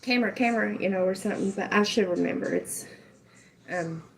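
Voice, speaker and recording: A woman's voice: lowish voice, fairly even intonation, moderate pace, creaky. Lady streamer just chatting, jokey, laughs a lot, cusses for fun. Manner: joking, laughs often, swears playfully. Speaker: livestream host. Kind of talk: casual livestream chat.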